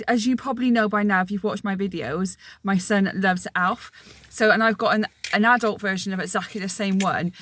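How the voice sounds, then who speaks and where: Young woman, candid, talking to camera, mid pitch, faint sizzling behind. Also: a bit bright, slight background noise. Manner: chatty, candid, repeats herself. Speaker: vlogger. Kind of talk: casual chat to camera.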